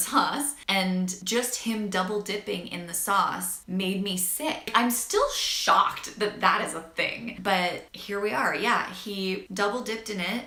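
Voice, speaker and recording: A woman's voice: mid-range voice, bright, forceful tone. A young woman in her twenties vlogging about her health, candid and chatty with lots of filler words. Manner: chatty and candid, lots of "like", gets emotional and laughs. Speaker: vlogger sharing a health story. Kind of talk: casual talk to camera. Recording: echoey room.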